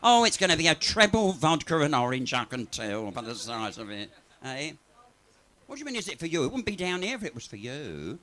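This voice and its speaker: A bawdy comedian spins chatty, crude stories live in a pub, swearing freely. His voice sits fairly high, bright and forceful, and swings widely up and down. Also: big pitch swings, brisk. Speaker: comedian and cabaret entertainer. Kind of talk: live stand-up storytelling. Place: pub venue, live audience.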